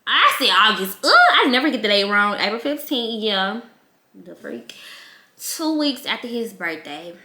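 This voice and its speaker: A woman's voice: medium pitch, unhurried. A young woman, candidly telling a personal story in a casual vlog and acting out her relatives. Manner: candid, emotional, animated quoting of relatives. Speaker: vlogger. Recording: echoey room.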